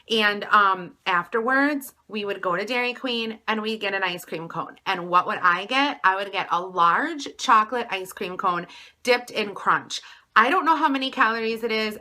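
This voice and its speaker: Woman vlogger from Wisconsin, bright forceful tone, chatty and rambling, confessional. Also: mid-range voice. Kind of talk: confessional weight-loss vlog.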